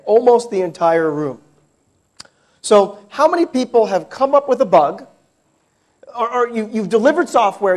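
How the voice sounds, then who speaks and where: Chatty American man giving a tech talk. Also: high-pitched. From New York, United States. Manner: chatty, joking with the audience. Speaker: conference speaker. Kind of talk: technical conference talk. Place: large conference hall.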